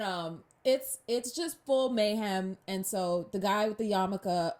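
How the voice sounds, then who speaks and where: A woman hosting a podcast, telling a personal story in a chatty, animated way and calling her listeners y'all. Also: mid-range voice, moderate pace, few pauses. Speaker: podcast host.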